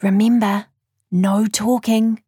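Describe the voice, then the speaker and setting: A woman voicing a practical, brisk schoolgirl twin. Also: on the high side, expressive, darkish tone, dry recording, studio quality, pitched above the performer's own voice. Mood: hushed.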